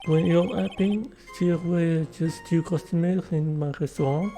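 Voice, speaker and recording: A man's voice: fairly high pitch, extremely slow, mellow, soft background music. A man voicing a flamboyant middle-aged male French head chef in a hammy mock French accent, sprinkling in French words. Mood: theatrical.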